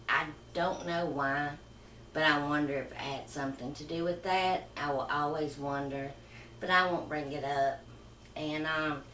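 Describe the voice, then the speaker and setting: Low-voiced woman telling her story. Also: a little hiss or hum. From Southern United States. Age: middle-aged. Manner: rambling, soft-spoken, emotional reminiscing. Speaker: vlogger. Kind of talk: personal storytelling. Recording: roomy and far from the mic.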